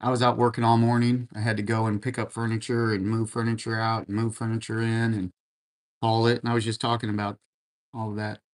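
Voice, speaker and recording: Fairly quick and monotone, his lowish voice runs through viewer comments on a casual livestream. The man broadcasts from a home room full of racing gear, responding in a relaxed, supportive manner and often saying man and brother.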